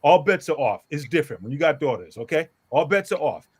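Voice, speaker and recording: A middle-aged man, a pastor, telling a story in a casual group talk, animated and emphatic, often checking in with "okay?". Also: fairly high pitch, fairly quick, hardly any pauses, husky.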